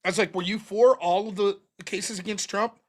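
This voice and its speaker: This show host from the United States has a high voice with fairly even intonation and speaks at normal speed. He runs a live-streamed talk show full of casual, profane debate chat, frequently imitating others in mocking voices.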